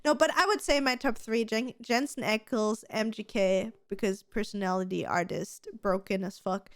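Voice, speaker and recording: A woman's voice: mid-range voice, normal speed, no room sound, clean studio sound. A woman in her thirties co-hosting a podcast, chatting casually in a gushing, giggly way and swearing freely. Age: 30s. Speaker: podcast co-host. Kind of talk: casual chat.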